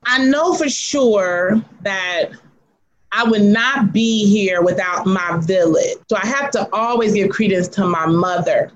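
A woman being interviewed as a guest, telling stories in an animated, laughing way and talking frankly about motherhood. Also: medium pitch, unhurried. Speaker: guest, artist and teacher. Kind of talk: casual storytelling interview. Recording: dull lo-fi sound.

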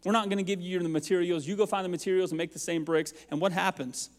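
A man's voice: sits high, fairly even intonation, fast. A man preaching a sermon as pastor, with passionate rising and falling intensity. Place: church sanctuary. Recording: long hall reverb.

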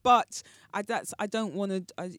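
A woman's voice: mid-range voice, steady tone, moderate pace, no room sound. A woman co-hosting a casual podcast chat, thoughtful, often restarting her sentences and backing the other speaker up. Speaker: podcast co-host.

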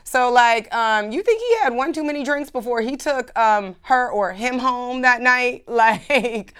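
A woman's voice: on the high side, unhurried, clear, resonant tone. Chatty woman hosting a radio talk show. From California. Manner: animated, chatty storytelling with laughs. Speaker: radio show host and sex educator.

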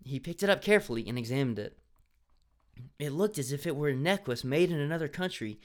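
A man's voice: a little high, animated, fast. A man reading a story aloud, playfully laughing and joking about the text. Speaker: story reader.

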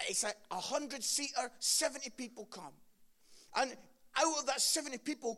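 A male pastor, telling a story in a lively, dramatic way that swings between loud and hushed. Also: very high voice. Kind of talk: animated storytelling.

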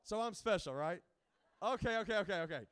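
A man's voice: high voice, lively intonation, brisk, fairly bright tone, clean tone. A man speaking as a guest evangelist, giving a jokey, rambling informal sermon to a camp with many restarts.

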